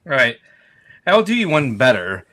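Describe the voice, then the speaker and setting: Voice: medium pitch, very animated, moderate pace, bright, forceful tone. A podcast co-host chatting playfully on a livestream, laughing often. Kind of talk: casual livestream chat.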